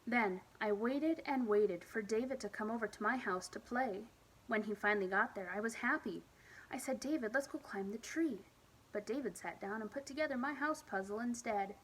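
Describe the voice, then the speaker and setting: A woman reading a children's picture book aloud at storytime, with expressive, lively emphasis. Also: mid-range voice, slight background noise, poor audio. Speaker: storytime reader.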